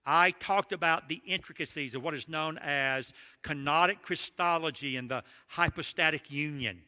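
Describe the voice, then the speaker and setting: An older man from Georgia with a Southern accent, preaching a sermon with animated, self-deprecating storytelling. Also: a little high, normal speed, in a large hall. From Georgia, USA. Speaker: pastor.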